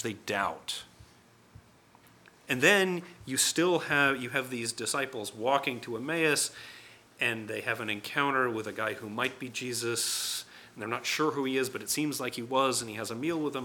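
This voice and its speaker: A man's voice: medium pitch, pushed and bright, slight background noise. A man preaching a sermon in a conversational way, acting out voices in the stories he tells. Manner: conversational, acts out quoted voices.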